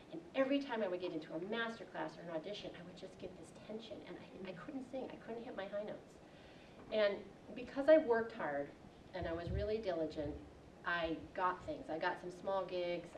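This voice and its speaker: Animated woman telling her story in a roomy hall. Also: on the low side. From Wisconsin, USA. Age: 40s. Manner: animated storyteller who acts out quotes. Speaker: branding coach giving a talk. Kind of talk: personal storytelling talk. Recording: roomy echo from far off, faint hiss.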